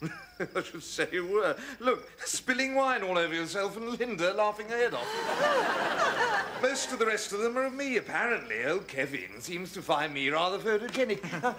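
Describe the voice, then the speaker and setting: Plummy, superior gent, high lively voice, noisy TV soundtrack. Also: male voice, moderate pace. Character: pompous, smug English gentleman Robert. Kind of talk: 1980s TV sitcom acting.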